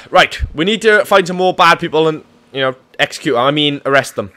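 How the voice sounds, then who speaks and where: A young man hams up a police commander while playing a game online. His voice is bright and forceful and sits a little high for a man, and he lurches from sudden yelps to low, muttered jokes. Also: normal speed. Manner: excitable, swings between loud yelps and muttered asides. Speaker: gaming channel host. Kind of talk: joking cop role-play during multiplayer gameplay.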